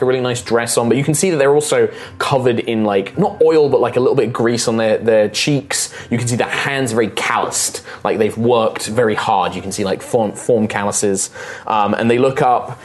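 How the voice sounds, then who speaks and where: A man narrating as game master of a tabletop game, in a rambling way with many fillers. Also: medium pitch.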